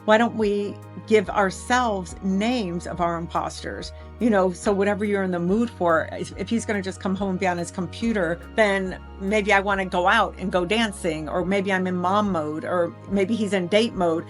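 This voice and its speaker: A middle-aged woman giving a motivational talk as an improv teacher, telling lively stories and acting out dialogue. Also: medium pitch, moderate pace, hardly any pauses, soft background music. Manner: lively storytelling, acts out dialogue. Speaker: improv teacher and life coach.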